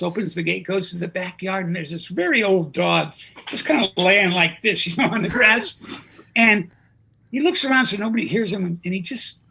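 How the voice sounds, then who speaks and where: A man's voice: high voice, creaky, sharp tone, a little hiss or hum. A man guest on a talk show, a comedy writer telling a joke animatedly with character voices. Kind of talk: casual chat and joke telling.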